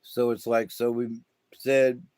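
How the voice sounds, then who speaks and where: Middle-aged man, slow meandering spiritual talk, dry close sound. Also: medium pitch, level tone, darkish tone, dry recording. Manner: slow, meandering, many fillers and restarts. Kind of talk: rambling casual monologue.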